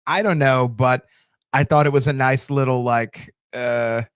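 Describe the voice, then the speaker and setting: A man's voice: mid-range voice, steady tone, a little slow, clean tone, no echo, studio quality. A man hosting a TV show review channel, casually answering viewer comments with lots of fillers and restarts. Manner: loose, chatty, many fillers and restarts.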